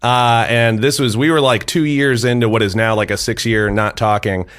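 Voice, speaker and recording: A man in his thirties spins a long personal story for a podcast. His talk is loose and rambling, packed with "like" and "uh", and he breaks into quick laughs at himself. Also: mid-range voice, steady tone, fairly bright tone, smooth. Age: 30s. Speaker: podcast guest. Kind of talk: casual storytelling.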